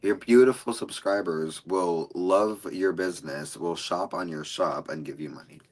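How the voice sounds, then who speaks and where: Low-voiced man in casual chat. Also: moderate pace, low-quality recording. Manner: playful, emotional, animated storytelling. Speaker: co-host.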